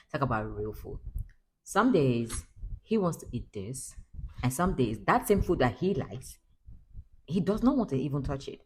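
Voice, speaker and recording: A woman's voice: a bass voice, sing-song, a little slow, pauses often, slight background noise, low-quality recording. A young Nigerian-accented woman chatting casually to camera as a mother, laughing often and slipping into pidgin. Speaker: mother vlogger.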